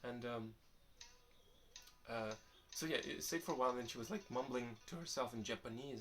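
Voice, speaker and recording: A man's voice: medium pitch, a little fast, gravelly. Rambling young man vlogging over music. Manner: rambling, restarts often, relaxed and candid. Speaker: vlogger answering viewer questions. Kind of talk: casual vlog talk.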